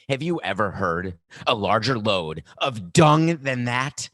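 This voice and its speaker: A male podcast host mocks the people he talks about in sarcastic commentary. His pitch rises and falls in lively swings, and the sound is dry and close. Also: slow pace, few pauses, no room sound. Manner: sarcastic, mocking.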